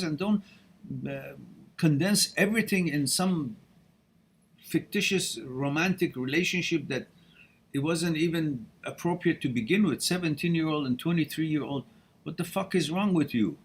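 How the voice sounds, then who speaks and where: A man with a slightly rough, somewhat high voice hosts a live-stream question-and-answer session at a moderate pace. He answers viewers bluntly and frankly, cursing casually and laughing often in between.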